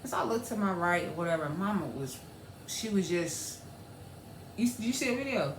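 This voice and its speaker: Woman, 30s, casual co-host, heartfelt and animated, echoey room. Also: lowish voice, fairly quick. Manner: heartfelt, animated, laughs easily. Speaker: podcast co-host. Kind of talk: casual chat. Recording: echoey room with faint noise.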